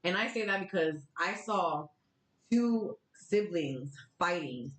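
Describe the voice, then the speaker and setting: A woman's voice: on the low side, takes it slowly. Chatty woman podcast host, echoey room. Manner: chatty, animated storytelling with laughs. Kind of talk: casual chat. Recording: roomy, echoey sound.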